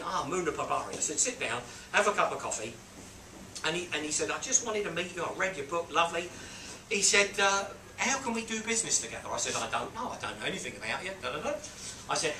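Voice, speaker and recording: A man with a slightly high voice tells a business story to a small group, acting out voices and sound effects with lively energy. He sounds some distance from the mic in a roomy, echoing space, with steady background noise. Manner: animated, acts out quotes and beeping sounds. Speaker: business mentor. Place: on a boat.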